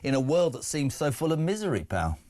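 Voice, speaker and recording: A man's voice: fairly high pitch, very animated, fairly quick, darkish tone, a little hiss or hum. A middle-aged man hosting a breakfast radio show in a jokey, bantering manner. He talks casually and laughs easily as he reads listener messages aloud.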